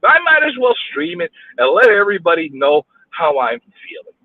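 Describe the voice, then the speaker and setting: A man's voice: high-pitched, sing-song, normal speed, hardly any pauses, dry recording. Exasperated man ranting on a tinny line. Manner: exasperated, repetitive, swearing. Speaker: vlogger ranting while driving. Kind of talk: angry live-streamed rant. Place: in his car in traffic. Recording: tinny phone-like audio.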